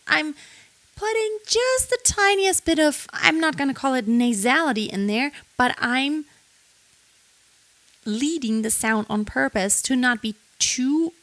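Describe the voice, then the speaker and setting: A woman's voice: high-pitched, fairly bright tone, dry recording. A woman teaching singing, explaining technique and singing short lines to show it. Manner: explains then sings short lines to demonstrate. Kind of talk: vocal lesson with sung demos.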